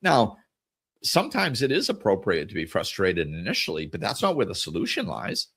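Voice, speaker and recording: A man's voice: fairly low pitch, wildly swooping pitch, moderate pace, vocal fry, fairly bright tone, husky. A middle-aged man hosting a podcast, giving an earnest reflective monologue on scripture and the inner life, often repeating and correcting his words as he goes. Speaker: podcast host.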